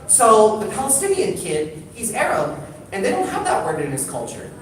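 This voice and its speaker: A man from the United States telling stories to a live audience, animated and quick to put on voices and ask the crowd questions. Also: sits high. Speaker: storyteller. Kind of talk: live storytelling talk to an audience. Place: large hall with audience. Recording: echoey hall from far off, background noise.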